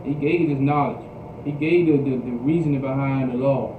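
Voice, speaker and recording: A man's voice: mid-range voice, steady tone, a little fast, recorded from a distance. A man teaching a scripture class as a preacher, repeating himself and checking in with the class as they answer back. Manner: repetitive, call-and-response, says "you understand?" often. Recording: echoey phone-like livestream audio with noise.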